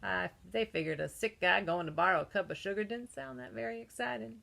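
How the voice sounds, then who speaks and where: A woman with a medium-pitched, creaky, sharp-toned voice speaks a little fast as a male wolf recounting his side of a children's story. The telling is sly, cheeky, and conspiratorial, with gasps and sneezes.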